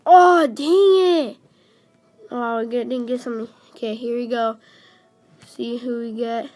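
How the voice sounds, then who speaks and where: Female gaming host, high and bright, unhurried, excitable, calls out to viewers. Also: faint music behind. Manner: excitable, keeps calling out to viewers. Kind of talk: casual game commentary.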